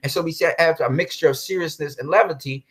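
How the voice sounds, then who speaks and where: A man delivers an angry, rambling rant, his voice pitched somewhat high. He gets heated, curses, and keeps pressing his point. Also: quick pace, breathy edge. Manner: angry, heated, swearing, apologetic about cursing. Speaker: commentary vlogger. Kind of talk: ranting commentary reading viewer comments.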